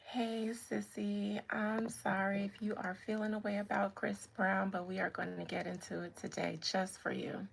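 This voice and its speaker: A woman hosting a live spiritual chat stream, talking casually and greeting viewers by name in a relaxed way. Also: medium pitch, moderate pace, gravelly, hardly any pauses, slight background noise.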